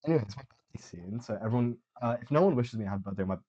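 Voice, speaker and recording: A man's voice: medium pitch, expressive, racing, mellow. A young man hosting a podcast alone, rambling sardonically with lots of fillers. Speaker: podcast host. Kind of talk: casual solo monologue. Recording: dull lo-fi sound.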